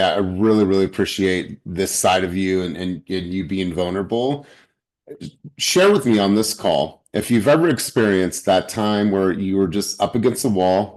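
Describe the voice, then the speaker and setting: A man's voice: deep voice, darkish tone. A man hosting a motivational group video call, encouraging and upbeat in a pep-talk way.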